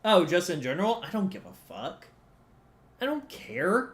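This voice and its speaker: Alone in a small room, this man chats with his stream audience in a high-sitting voice at a moderate pace. He's lively, curses casually, talks straight to chat, and jumps between subjects.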